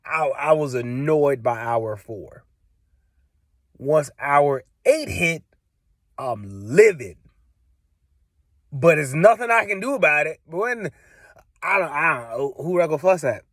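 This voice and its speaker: A man's voice: a little high, no room sound. Exasperated young man telling a story. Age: young adult. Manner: exasperated, repetitive, emphatic. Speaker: vlogger. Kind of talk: casual storytelling.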